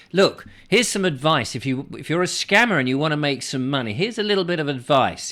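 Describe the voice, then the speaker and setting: In his own vlog, a man with a sharp-toned, mid-range voice tells a story straight to camera. His chatty, meandering monologue is full of wry asides.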